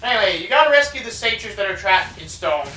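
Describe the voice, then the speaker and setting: A woman's voice: mid-range voice, lively intonation, fast talker, bright, forceful tone. A woman hosting a casual let's play, chatting and joking about the game as she plays. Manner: chatty, joking, self-deprecating. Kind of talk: casual gameplay commentary. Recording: roomy, distant mic with game music.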